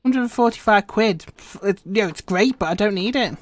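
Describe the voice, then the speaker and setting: A woman's voice: medium pitch, brisk, no room sound. Woman, game streamer, chatty self-talk, mid voice. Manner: chatty, muttering instructions to herself while playing. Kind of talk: casual live stream commentary.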